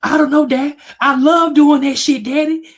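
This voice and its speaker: A man's voice: very high-pitched, moderate pace, voice pushed up. A man voicing his scared six-year-old self, pleading and stammering. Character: scared little boy of six or seven.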